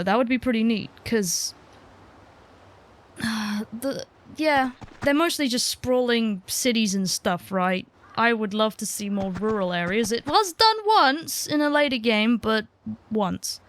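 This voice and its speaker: A woman giving casual, chatty let's-play commentary, self-deprecating and quick to giggle. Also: a little high, fairly bright tone. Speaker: gaming video creator.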